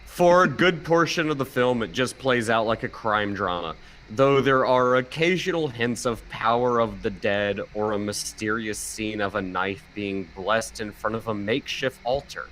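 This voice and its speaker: A man's voice: fairly low pitch, moderate pace, a bit bright, slight background noise, rough recording. A man on a podcast reading a movie review aloud, stumbling now and then and laughing at it. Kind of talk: casual chat, reading an article aloud.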